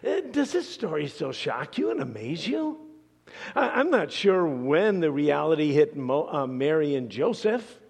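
Male pastor, sermon; slow, very animated delivery, reverb-heavy hall. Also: a little high, vocal fry, slightly rough. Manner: dramatic, questioning, drops to near whispers then rises.

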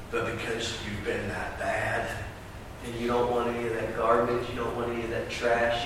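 A pastor preaching a sermon, swinging from loud emphatic outbursts to quiet, earnest talk. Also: male voice, medium pitch. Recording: echoey hall from far off with background noise.

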